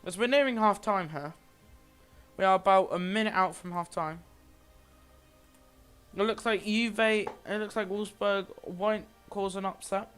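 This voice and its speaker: A man's voice: sits high, a little slow, a bit bright, smooth, faint music behind. A man giving amateur play-by-play commentary on a football match, rambling a little and often restarting or correcting himself.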